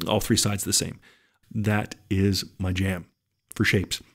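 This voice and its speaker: Gravelly low-voiced man, rambling. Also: little pitch movement, slow, fairly bright tone. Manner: laid-back, rambling, swears casually. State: losing his voice. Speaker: podcast host. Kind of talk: casual listener Q&A podcast.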